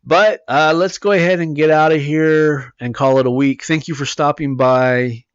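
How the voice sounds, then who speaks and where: A male podcast host with a tiring voice reads an article aloud in halting phrases, then signs off casually. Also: on the high side, fairly even intonation, clean tone, no room sound, lo-fi sound. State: voice getting worn out.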